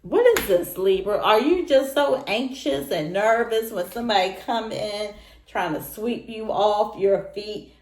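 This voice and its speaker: A woman with a darkish mid-range voice gives a casual tarot reading, addressing the listener directly and repeating her points. The room sounds roomy and echoey.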